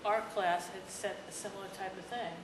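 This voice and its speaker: Halting woman presenter in an echoey room. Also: medium pitch, fairly even intonation, noisy background. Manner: halting, with many restarts and fillers. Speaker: conference presenter. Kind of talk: conference presentation. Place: conference session room.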